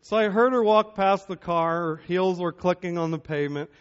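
High-voiced pastor telling a funny story. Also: male voice, normal speed. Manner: humorous storytelling, animated. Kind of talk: sermon. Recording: dull lo-fi sermon recording.

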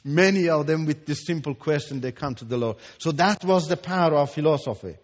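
An Iranian Christian teacher, a man with a fairly high voice, gives emphatic preached testimony a little fast, repeating words for stress and swinging from hushed to loud. The recording has long hall reverb, an echoey space, and dull lo-fi sound.

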